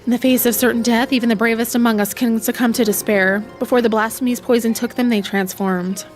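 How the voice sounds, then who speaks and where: A woman's voice: fairly high pitch, fairly even intonation, brisk, natural voice. Solemn fantasy commander, formal and grave; a woman reads the part, faint music underneath. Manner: formal, grave read-aloud delivery.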